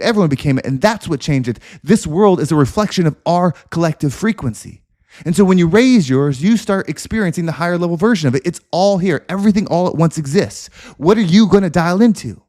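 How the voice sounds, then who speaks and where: A man's voice: high-pitched, lively intonation, fairly quick, dark tone. A man hosting a podcast, delivering an intense, repetitive motivational monologue with preacher-like emphasis. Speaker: podcast host.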